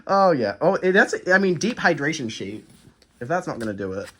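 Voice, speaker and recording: A man's voice: on the high side, sing-song, a little fast, bright, forceful tone. A young man in a casual video diary, gushing over a gift and swearing freely, stumbling as he reads a letter aloud at home. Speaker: vlogger.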